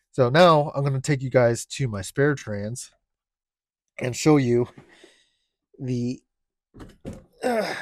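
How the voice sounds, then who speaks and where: A man's voice: medium pitch, dry recording, clean studio sound. A man, out of breath in a cold, dim home garage, casually talking through car parts with lots of fillers and restarts. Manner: halting, filler-heavy explaining. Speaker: car enthusiast vlogger.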